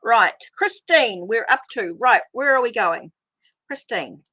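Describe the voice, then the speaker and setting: A woman's voice: fairly high pitch, animated, measured pace, background noise. A middle-aged woman hosting a casual live tarot stream, rambling as she greets viewers and answers their comments. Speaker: tarot reader hosting a livestream.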